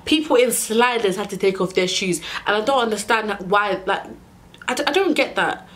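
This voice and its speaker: A young woman telling a storytime rant to her vlog audience, exasperated and animated, acting out the people she argued with. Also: mid-range voice, moderate pace. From United Kingdom. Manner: exasperated, animated retelling with acted-out dialogue. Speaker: vlogger.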